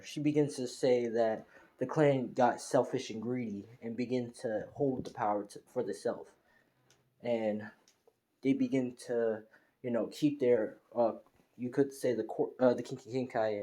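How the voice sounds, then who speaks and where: A man's voice: mid-range voice, mellow, rough recording. A man casually retelling a fan-made story off the cuff, rambling with many fillers and restarts.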